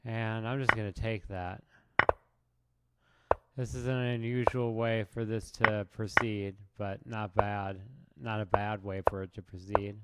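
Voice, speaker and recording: A man's voice: on the low side, little pitch movement, a little slow. A man streaming his chess games, commenting on the moves in a wry, rambling, self-mocking way. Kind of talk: casual live game commentary. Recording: loud background noise.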